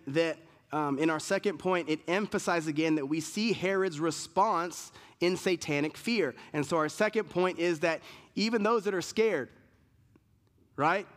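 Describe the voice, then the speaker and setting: Man preaching emphatically in a big hall. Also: fairly high pitch. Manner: emphatic, repetitive preaching with many lists and restarts. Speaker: pastor. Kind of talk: sermon. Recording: long reverb of a large hall.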